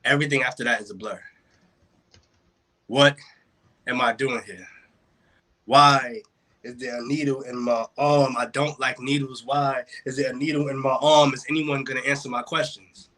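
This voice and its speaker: A man's voice: medium pitch, steady tone, normal speed, long pauses, sharp tone. A man performing spoken word poetry at an online open mic over a video call. His delivery is rhythmic, builds in intensity, and leans on wordplay. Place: home, joining a virtual open mic.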